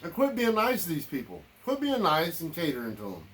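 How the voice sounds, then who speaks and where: A man with a drawl rants to his listeners, heated and circling back on his own words. His voice sits a touch higher than most men's. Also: huge pitch swings, brisk, fairly bright tone. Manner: heated, repetitive, addresses listeners as y'all. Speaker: political commentator. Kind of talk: angry political rant.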